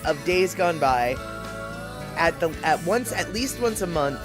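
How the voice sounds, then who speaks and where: A man hosting a casual reaction stream, explaining in a rambling way with many fillers. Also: fairly high pitch. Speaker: streamer host. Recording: guitar music playing clearly under the voice.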